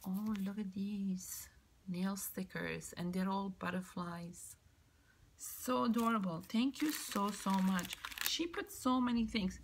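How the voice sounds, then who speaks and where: A woman vlogger opening a birthday craft mail, gushing and excitable, now and then dropping into a whisper. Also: medium pitch, takes it slowly, slight background noise. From Canada. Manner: gushing, excitable, keeps exclaiming how cute things are. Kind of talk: casual show-and-tell unboxing.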